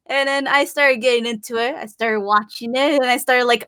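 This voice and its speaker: A bubbly young woman from Illinois chats as an interview guest, giggling often and acting out little voices as she talks. Her voice sits fairly high. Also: fairly even intonation, a little slow, pauses often, fairly bright tone, clear, resonant tone. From Illinois, USA. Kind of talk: casual chat.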